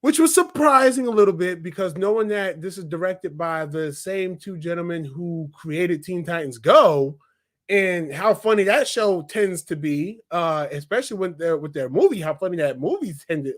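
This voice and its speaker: A young man with a high voice talks through a film review in loose, unscripted chat. He rambles from point to point, stacking up "like"s and restarts, and gets audibly excited about what he liked. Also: normal speed. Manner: excited, rambling, filler-heavy, lots of "like". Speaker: movie reviewer. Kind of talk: casual spoken review.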